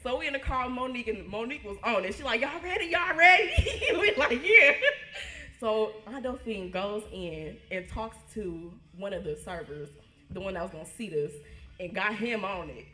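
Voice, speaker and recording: Animated young woman telling a funny story. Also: medium pitch, a little fast. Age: 20s. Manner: lively, acts out quotes, laughs through lines. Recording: echoey room.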